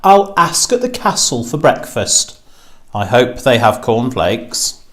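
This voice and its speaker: A man's voice: medium pitch, sing-song, takes it slowly. A man voicing a curious, cheerful young boy in a storybook, with a raised voice and eager questions.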